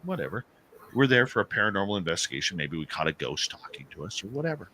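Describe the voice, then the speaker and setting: A man, a paranormal radio host, telling an animated story as an interview guest and acting out the dialogue. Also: low-pitched, fast talker, a little hiss or hum. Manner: animated storyteller who acts out quoted dialogue.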